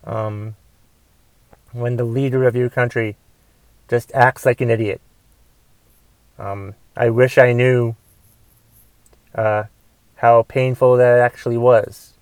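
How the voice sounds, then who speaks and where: A man hosting a podcast, ranting with heavy swearing, going from mumbled asides to loud angry outbursts. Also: medium pitch, level tone, takes it slowly, pauses often, smooth, no room sound. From United States. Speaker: podcast host. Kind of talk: casual rant podcast.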